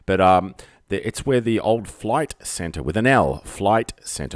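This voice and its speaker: Deep-voiced Australian man hosting a livestream. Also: animated, takes it slowly, no echo. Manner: jokey, self-mocking, wandering monologue with many fillers. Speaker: live-stream host. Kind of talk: rambling solo livestream chat. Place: home. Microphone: desk microphone.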